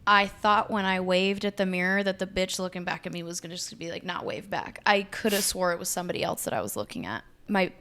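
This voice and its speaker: A woman's voice: fairly low pitch, quick pace, few pauses. A woman co-hosting a podcast, casually telling stories with swearing and acted-out quotes. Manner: animated storyteller, acts out quotes, swears freely. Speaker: podcast co-host. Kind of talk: casual chat.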